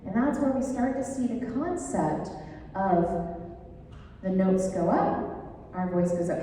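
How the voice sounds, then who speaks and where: A woman's voice: medium pitch, very animated, normal speed, dark tone, slight background noise. A woman giving a casual, chatty classroom lecture, enthusiastic and sprinkled with fillers. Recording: echoey hall, voice far from mic.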